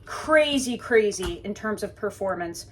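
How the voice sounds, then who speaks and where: A woman in a relaxed, talkative mood, chatting with her viewers as she works. She jokes easily and keeps things informal, speaking at a middle pitch. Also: measured pace, a little hiss or hum. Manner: chatty and joking, addresses viewers as guys. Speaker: knife reviewer. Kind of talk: casual chat with viewers.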